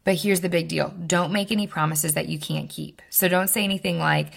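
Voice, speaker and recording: A young woman with a low voice and a strong gravelly fry speaks as a podcast host. She teaches in a steady, instructive way and slows down to repeat the points she wants to stick. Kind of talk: advice podcast talk.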